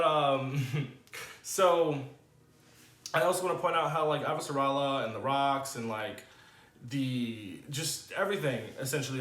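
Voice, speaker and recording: A man giving a casual, animated spoken TV review, with loose slangy talk and many fillers. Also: echoey room. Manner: animated, swings into high excited exclamations. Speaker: TV review vlogger.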